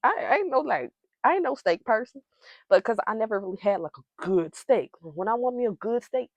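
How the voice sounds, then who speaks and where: A woman's voice: on the high side, lively intonation, brisk, dry recording. A young woman chatting casually to her viewers in a makeup vlog, hyper and giggly, rambling from one thing to the next. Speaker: beauty vlogger. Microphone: wireless receiver mic.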